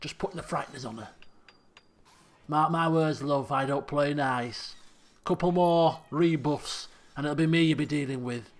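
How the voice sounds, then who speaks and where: A man voicing a menacing male thug colonist who intimidates a prisoner in a game, with a slow, threatening drawl. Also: fairly high pitch, lightly acted.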